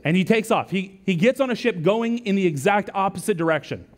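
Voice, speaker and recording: A male lead pastor with a high voice preaches at a brisk clip. His sermon unfolds as animated, chatty stories full of acted-out quotes and frequent "right?" asides.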